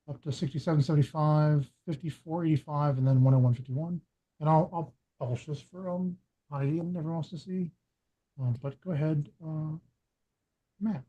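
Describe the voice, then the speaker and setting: A man's voice: a little high, warm tone, lo-fi sound. A man on a video call thinking aloud as he reads chart numbers, with many ums and uhs. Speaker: chart analyst host. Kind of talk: casual chart walkthrough.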